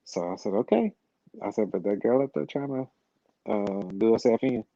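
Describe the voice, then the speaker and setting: A man in middle age tells a rambling story, his voice low and dark. He swears freely and keeps restarting his sentences. The sound is dry and a little muffled. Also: a little fast, no echo. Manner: rambling, profane, repeats words and restarts often. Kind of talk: casual storytelling. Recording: slightly dull, lo-fi sound.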